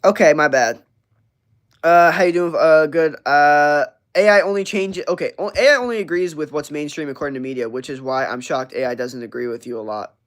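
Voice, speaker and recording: A man's voice: on the high side, a little fast, a bit bright. A young man hosting a livestream, chatting casually in a brash, profane, rambling way with lots of fillers and restarts. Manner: reads and answers live chat messages. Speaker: livestream host.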